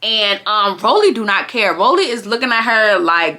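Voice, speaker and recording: A woman giving a casual, gossipy recap of a reality show, talking in an animated, slangy way. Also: medium pitch, normal speed, hardly any pauses.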